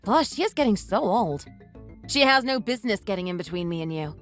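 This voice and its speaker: A text-to-speech woman's voice voicing a scornful, sharp-tongued young wife who scolds her husband in a text-message story. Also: medium pitch, lively intonation, fairly quick, faint music behind, natural voice. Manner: mocking, scolding.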